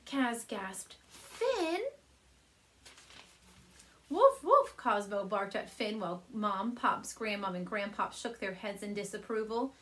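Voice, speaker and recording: A woman teacher reading a children's chapter book aloud from her couch at home, speaking gently and warmly to young listeners. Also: mid-range voice, measured pace, few pauses. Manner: gentle, animated storyteller addressing kids.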